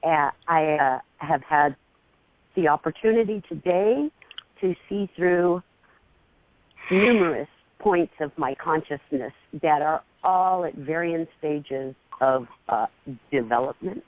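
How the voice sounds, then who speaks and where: Slow, giggly woman on a phone line. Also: sits low, no room sound. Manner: giggly, meandering, drawn-out phrasing. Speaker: caller. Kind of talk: rambling spiritual chat.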